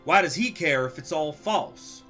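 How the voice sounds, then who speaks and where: A man's voice: a little high, lively intonation, unhurried, bright, forceful tone, soft background music, voice pushed up. A man voicing a blunt, unimpressed man president asking curt, incredulous questions.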